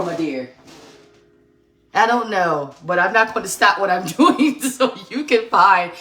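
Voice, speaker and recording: A woman's voice: mid-range voice, expressive, a little slow, a bit bright. A middle-aged woman hosting a casual home cooking show, chatting and teasing as she works in her kitchen. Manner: chatty, teasing, thinks aloud while working.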